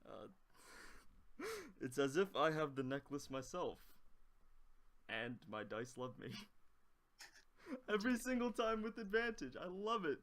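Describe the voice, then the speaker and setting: A man's voice: fairly high pitch, big pitch swings, slow pace, long pauses, a bit bright. A man playing a tabletop game, playful and laughing easily. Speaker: player. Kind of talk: casual tabletop play.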